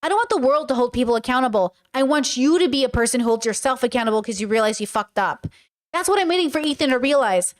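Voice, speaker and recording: A woman's voice: high-pitched, animated, quick pace. A woman hosting a casual reaction commentary, talking bluntly and emphatically with a lot of swearing. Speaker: commentary host.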